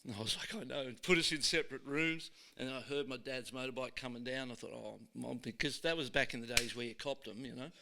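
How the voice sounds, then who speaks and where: A middle-aged Australian man hosting a podcast in a studio, telling stories in a lively, casual way and often laughing. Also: mid-range voice, quick pace, vocal fry, hardly any pauses, noisy background. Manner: lively yarn-spinner, laughs often, acts out voices in his stories. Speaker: podcast host. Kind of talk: casual storytelling chat.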